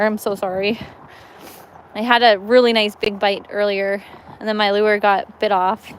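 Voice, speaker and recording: A woman's voice: mid-range voice, poor audio. Young woman streaming from the lakeshore on her phone, chatty and giggly, bit of outdoor noise. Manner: chatty and giggly, reads viewer comments. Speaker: fishing livestreamer. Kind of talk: casual live-stream chat.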